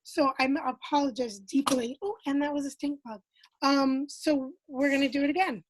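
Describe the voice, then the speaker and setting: High-voiced woman hosting a live stream. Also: steady tone, moderate pace, a little hiss or hum, poor audio. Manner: apologetic, upbeat. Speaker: host. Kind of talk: casual introduction to a live stream. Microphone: video call.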